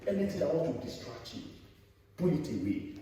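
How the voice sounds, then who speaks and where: A male pastor with a fairly high voice preaches a sermon, urging his congregation on and repeating his phrases for weight. He is picked up from a distance in a large hall, with a long, roomy echo around every word. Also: very animated, a little fast, mellow, slight background noise. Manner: exhorting, repeats phrases for emphasis. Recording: echoey hall from far off.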